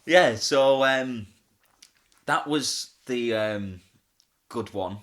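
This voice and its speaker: In a laid-back interview, this man recounts backstage tales from his work in pantomime comedy, mimicking the people he quotes. His medium-pitched voice sounds bright and forward, and he chats freely and laughs easily.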